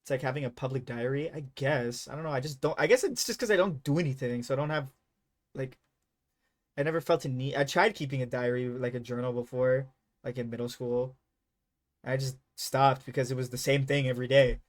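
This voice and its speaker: A young man streaming live, chatting casually in a rambling, profane, self-mocking way, with sudden loud jumps when he acts out his own reactions. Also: medium pitch, steady tone, fairly quick. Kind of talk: casual live-stream chat while gaming.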